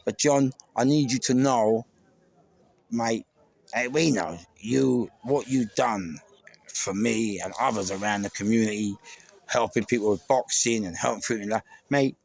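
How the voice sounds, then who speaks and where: A man's voice: mid-range voice, a little slow, vocal fry, a little mellow, no echo. A middle-aged man with a London accent, speaking an emotional, rambling tribute to camera with many restarts. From England. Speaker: vlogger. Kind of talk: casual tribute monologue.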